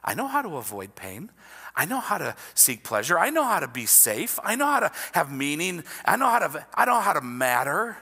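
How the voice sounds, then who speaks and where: A man preaching a sermon in an animated, conversational way, often checking in with his listeners. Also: a little high, moderate pace, slightly rough, long reverb tail. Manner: animated, conversational, asks the audience "right?". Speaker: pastor.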